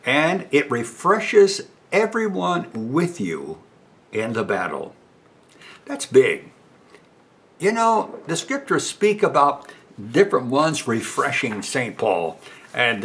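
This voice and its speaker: An older man preaching a sermon, emphatic and acting out quoted voices as he talks back to them. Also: a little high.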